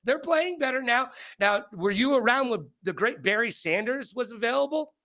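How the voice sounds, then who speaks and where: Animated, joking man in his forties. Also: very high-pitched, normal speed. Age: 40s. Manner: joking, animated, playful asides. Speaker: host. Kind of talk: casual interview chat.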